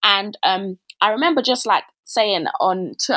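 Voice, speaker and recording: A woman's voice: mid-range voice, lively intonation, normal speed, fairly bright tone. A young woman, a podcast guest talking casually and full of fillers, acting out her own past remarks as she tells her story. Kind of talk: casual interview chat.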